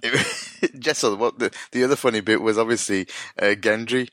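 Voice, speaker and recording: A man's voice: lowish voice, normal speed, a bit bright, no echo. A man hosting a podcast, chatting animatedly, laughing and swearing freely. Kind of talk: casual chat.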